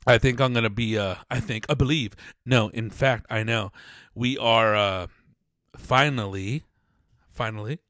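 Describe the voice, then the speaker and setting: A man's voice: medium pitch, moderate pace, a bit bright, no echo. A man chatting on his own podcast in a loose, playful way, circling back and correcting himself as he goes. His voice sits in a middle register and is recorded close and dry on a vocal mic in a small home studio. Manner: rambling, playful, restarts and self-corrects a lot. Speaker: podcast host. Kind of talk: casual solo podcast chat. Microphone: directional vocal mic.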